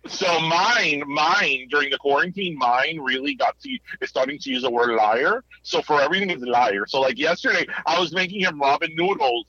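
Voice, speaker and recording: A man's voice: a little high, animated, moderate pace, few pauses, pushed and bright, dry recording. A man chatting casually on a podcast, stammering and mixing in Spanish. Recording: dry, dull lo-fi audio.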